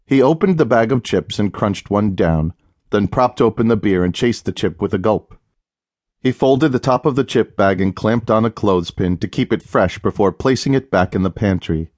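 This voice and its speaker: A man reading an audiobook as narrator, in a steady, even storytelling manner. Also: lowish voice, moderate pace, dry recording, clean studio sound. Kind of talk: scripted narration.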